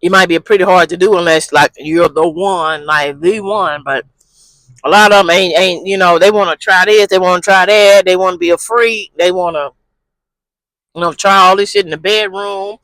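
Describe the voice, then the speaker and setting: A man's voice: high-pitched, steady tone, brisk, fairly bright tone, no echo, low-quality recording. A man hosting his own vlog from a parked car, talking candidly in a rambling, slangy, profane way. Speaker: vlogger, channel host. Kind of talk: casual talking-head vlog. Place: parked car in a parking lot.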